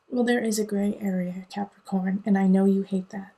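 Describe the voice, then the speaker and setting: A woman's voice: mid-range voice, level tone, normal speed, creaky, warm tone. A woman giving a casual tarot reading, talking in an earnest, digressive way that mixes encouragement with tough love. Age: adult parent. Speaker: tarot reader.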